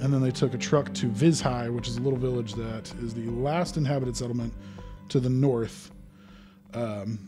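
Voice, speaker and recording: A young man hosting a casual podcast, his voice sitting at an ordinary middle pitch. He rambles and jokes, laughing often between points, while faint music plays under him. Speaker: podcast host.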